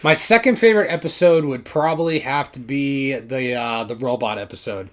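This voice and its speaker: A young man hosting a casual podcast chat, talking in an animated way and bursting into shouted impressions when he retells scenes. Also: medium pitch, moderate pace. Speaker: podcast host.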